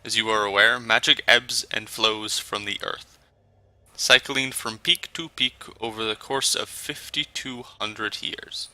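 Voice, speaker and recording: A man voicing a grave male dragon's envoy in a video game, with an attempted German accent and slow, drawn-out words. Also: lowish voice, fairly even intonation, bright, forceful tone, no room sound, low-quality recording. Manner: slow, drawn-out, relishing each word.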